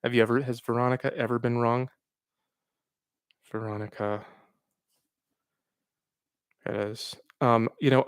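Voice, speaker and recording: A man hosting a live question-and-answer stream, reading out viewer questions and giving frank, reflective advice with pauses and fillers. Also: mid-range voice, clean tone, dry recording, studio quality. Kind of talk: casual livestream Q&A.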